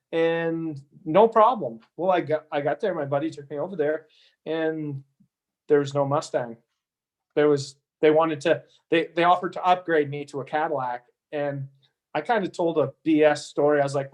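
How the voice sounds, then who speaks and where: A man's voice: a little high, fairly even intonation, measured pace. A man being interviewed, telling a story casually with frequent restarts and repeated words. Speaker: interview guest.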